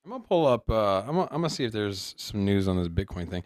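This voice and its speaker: Animated man co-hosting a crypto stream. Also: fairly low pitch, fast, no room sound, clean studio sound. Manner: animated, restarts often, greets the chat loudly. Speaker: co-host. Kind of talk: casual crypto news chat.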